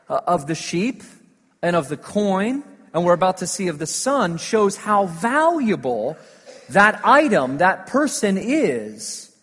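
Husky-voiced man preaching in a hall. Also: high-pitched. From United States. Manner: animated storytelling, swinging between loud emphasis and hushed asides. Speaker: pastor. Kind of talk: sermon. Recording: long hall reverb.

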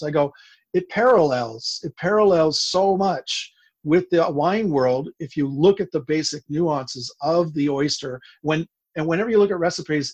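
A man's voice: on the high side, normal speed, slightly rough, no echo. A man talking casually and enthusiastically as an expert guest, explaining in detail with frequent restarts. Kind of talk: casual interview talk.

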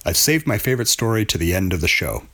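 A man hosting a show, introducing recorded stories in a plain, measured way. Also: on the low side, big pitch swings, sharp tone, a little hiss or hum. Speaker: radio show host.

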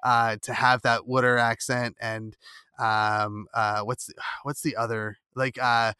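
A man's voice: mid-range voice, level tone, slow, bright, forceful tone, smooth, no room sound, clean studio sound. A man with a Philadelphia accent hosting a casual interview, rambling with many fillers and restarts, with a slightly nasal O. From Philadelphia area. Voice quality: nasal O vowel. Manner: rambling, many fillers and restarts, laughs while telling stories. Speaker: podcast host.

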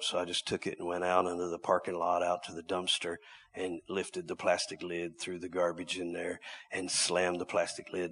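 A male preacher telling a story in a sermon, dramatic, swinging from loud cries down to hushed whispers. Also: sits low.

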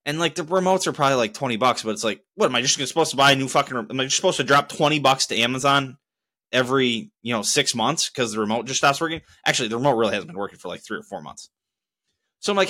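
A man's voice: medium pitch, big pitch swings, fast talker, bright, forceful tone. A young man hosting his own solo podcast, talking casually in a rambling, profane, heated way. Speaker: podcast host.

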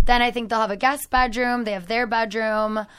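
Smooth-voiced woman hosting a chatty podcast. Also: a little high, steady tone, moderate pace, fairly bright tone. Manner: chatty, giggly, lots of "like". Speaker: podcast host. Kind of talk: casual chat.

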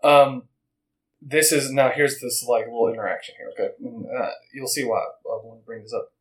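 A man's voice: mid-range voice, steady tone, low-quality recording. A man hosting a casual podcast, reading passages aloud and stopping to chat and joke. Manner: rambling, reads quotes and puts on quick voices for them. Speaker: podcast host.

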